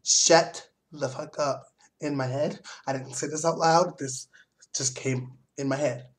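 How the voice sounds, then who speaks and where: A young man vlogging, telling a story in a heavily profane, animated rant. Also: fairly high pitch, a little slow.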